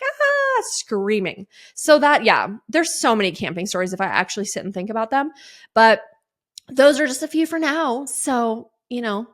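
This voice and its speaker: A woman's voice: fairly high pitch, a bit bright. Chatty woman podcast host. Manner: chatty, lots of fillers and laughs, voices others' lines. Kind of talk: casual storytelling monologue.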